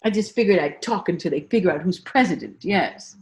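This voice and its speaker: A woman comedian playing a daffy, rambling woman politician in a satirical spoof monologue. The figure repeats herself and punctuates her thoughts with deadpan 'yes' asides. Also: lowish voice, brisk. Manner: swings from hushed asides to sudden loud outbursts.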